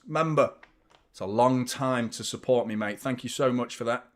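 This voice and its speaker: Chatty football fan streamer. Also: male voice, lowish voice, flat delivery, normal speed. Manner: chatty, thanks viewers by name, reacts to play. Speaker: fan channel host. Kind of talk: live football watchalong chat.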